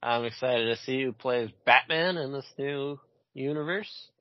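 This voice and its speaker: A man co-hosting a casual podcast about comic-book films, animated and blunt, swearing often and repeating himself as he talks. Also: mid-range voice, measured pace, no echo. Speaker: podcast co-host. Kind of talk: casual chat. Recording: dull lo-fi sound.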